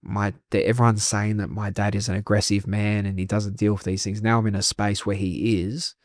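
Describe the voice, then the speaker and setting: Blunt, swearing Australian man, lowish voice. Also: flat delivery, fairly quick, no echo, studio quality. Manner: frank, swears freely, laughs through hard memories. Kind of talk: candid conversational storytelling.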